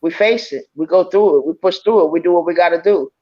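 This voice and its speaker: A woman's voice: fairly low pitch, quick pace. A woman psychic medium giving an encouraging, rambling spiritual reading full of fillers. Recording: slightly dull stream audio.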